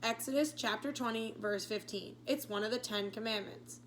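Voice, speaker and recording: A woman's voice: on the high side, moderate pace, fairly bright tone, slight background noise, lightly acted. A practical bookish boy, as a woman reads him. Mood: steady.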